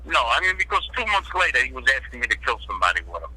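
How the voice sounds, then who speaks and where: A man's voice: medium pitch, very animated, very fast, sharp tone, slightly rough. A man, a guest telling blunt, profane stories in street talk, heard over a phone line. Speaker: guest, former mobster. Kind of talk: casual interview storytelling.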